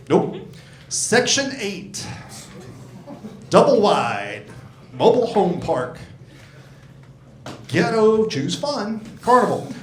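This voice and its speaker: A man in his sixties doing a stand-up comedy set in a club, rambling, profane and self-mocking, working the crowd. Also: medium pitch. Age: 60s. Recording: echoey club room.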